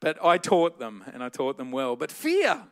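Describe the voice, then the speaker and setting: A middle-aged Australian man preaching a sermon, energetic and joking, shouting for emphasis. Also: mid-range voice, normal speed.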